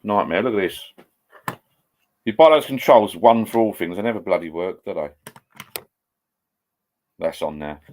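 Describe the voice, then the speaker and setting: Older man, low-pitched, rambling, casual live chat. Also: expressive, normal speed, long pauses, a little mellow. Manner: chatty, rambling, reads viewer comments aloud. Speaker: livestream host. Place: his home bar.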